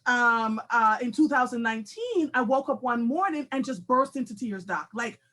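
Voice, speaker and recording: A woman in her forties hosting a live talk show, telling a candid, animated personal story with frequent laughter. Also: a little high, moderate pace. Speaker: host.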